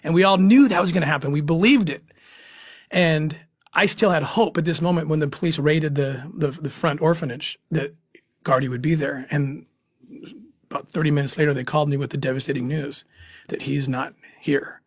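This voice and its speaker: A middle-aged man recounting a story as an interview guest, earnest and halting, with frequent restarts and moments where he chokes up. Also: on the high side, husky, no echo, studio quality. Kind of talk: emotional storytelling.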